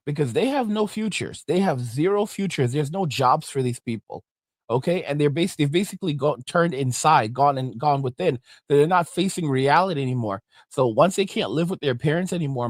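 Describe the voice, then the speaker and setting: A man's voice: fairly high pitch, dry recording, clean studio sound. A man hosting a reaction commentary, ranting in an emphatic, indignant way. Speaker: commentary host.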